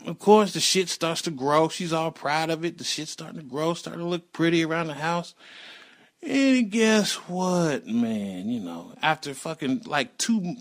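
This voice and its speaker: A middle-aged man telling a personal story in a loose, profane, rambling way, acting out sounds as he goes. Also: on the high side. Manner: acts out sounds and voices animatedly.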